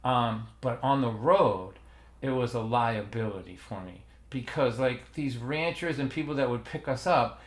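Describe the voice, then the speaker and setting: A man's voice: mid-range voice, a little slow. A man in his sixties with a strong Boston accent, chatting casually and telling stories to a livestream audience, rambling and laughing often at himself. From Massachusetts, USA. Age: 60s. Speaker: folk singer and storyteller hosting a livestream. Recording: roomy echoey sound.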